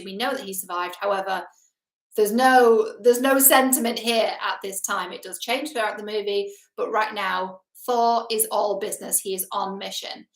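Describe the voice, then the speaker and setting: A woman relationship coach hosts her own show, breaking down a film in a chatty, emphatic way. She keeps turning questions back to the listener. Her middle-pitched voice rings out with a roomy echo around it. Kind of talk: casual film analysis commentary.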